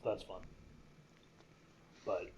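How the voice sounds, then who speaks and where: A man's voice: extremely slow, a little mellow. A man co-hosting a casual gaming podcast, rambling enthusiastically through game and movie trivia. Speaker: podcast co-host.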